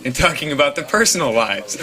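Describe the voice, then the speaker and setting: A man's voice: medium pitch, bright, forceful tone. A young man co-hosting a podcast, telling a story in casual, profane, filler-heavy talk and mimicking the people in it. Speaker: podcast co-host. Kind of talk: casual storytelling among friends. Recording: co-hosts laughing in background.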